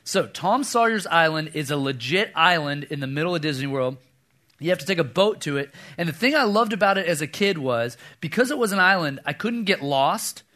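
Bright-voiced man preaching a sermon. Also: fairly high pitch, fairly quick. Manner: animated storyteller, acts out voices, drops to a hush for quoted lines. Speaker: pastor. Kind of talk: sermon with a personal story.

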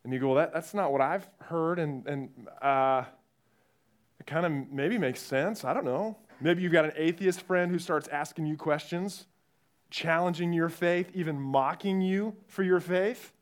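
A young man preaching a youth sermon, telling stories with animated quoted voices. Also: a little high, a little slow. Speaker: youth pastor.

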